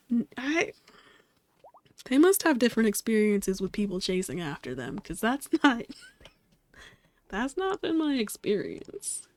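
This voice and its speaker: A woman's voice: a little high, big pitch swings, moderate pace, dry recording. A young woman vlogger telling casual stories in a rambling, laid-back way, swearing freely and laughing often. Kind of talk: casual storytelling while crafting. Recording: faint music behind.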